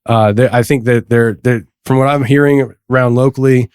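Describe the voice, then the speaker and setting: Rambling, excitable podcast host, a man. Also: mid-range voice, moderate pace, clean tone, no echo, studio quality. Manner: rambling, many restarts, laughs often. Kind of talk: casual conversation.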